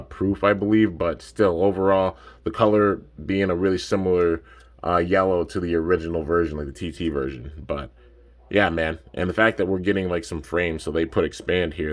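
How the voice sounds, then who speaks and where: A young man doing a casual unboxing review, laid-back and rambling, filling his talk with "man" and "like," a bit sleepy. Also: deep voice. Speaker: toy reviewer.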